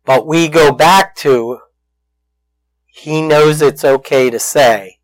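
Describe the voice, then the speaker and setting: Male pastor with a higher voice, animated sermon delivery with acted-out voices and a dry, close sound. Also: takes it slowly, long pauses, no room sound, poor audio. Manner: animated storytelling, acts out voices, asks the congregation questions.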